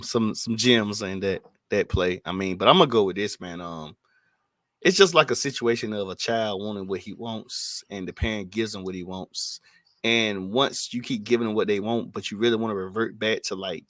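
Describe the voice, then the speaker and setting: A man appearing as a guest on a sports podcast, laying out his view in a measured, explanatory way. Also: fairly low pitch, fairly bright tone, no echo, studio quality. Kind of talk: sports debate chat.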